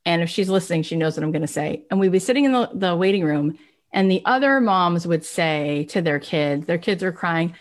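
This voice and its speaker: A woman giving an energetic motivational talk as host of a live online session, addressing viewers directly. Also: fairly low pitch, brisk.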